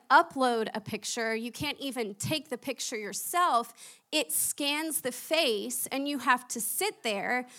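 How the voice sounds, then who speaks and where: A young woman preacher with a lilt gives a lively, conversational sermon in a high, bright, forward voice. She laughs at herself while telling her stories.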